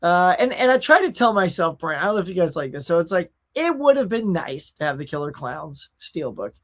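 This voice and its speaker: A man's voice: sits high, big pitch swings, a little fast. Laid-back man hosting a live chat. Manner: laid-back, chatty, greets viewers by name. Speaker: host of a pop culture live show. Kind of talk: casual livestream chat. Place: his own home collection room.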